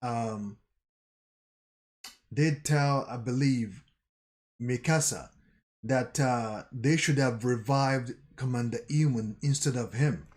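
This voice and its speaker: A man hosting a channel, retelling a manga chapter in a halting way with restarts. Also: medium pitch, a little mellow. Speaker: channel host. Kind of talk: reading and recapping a manga chapter.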